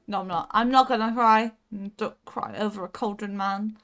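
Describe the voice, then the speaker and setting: Bright-voiced young woman streaming a game. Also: medium pitch, unhurried, few pauses. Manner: talks herself through tense moves, answers chat. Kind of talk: casual live gaming stream.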